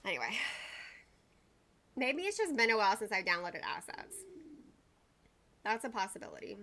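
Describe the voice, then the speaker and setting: Bright chatty woman streamer. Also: mid-range voice, wildly swooping pitch, moderate pace. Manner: chatty and rambling, greets viewers by name; uses y'all and like often. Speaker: livestream host. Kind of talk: casual livestream chat.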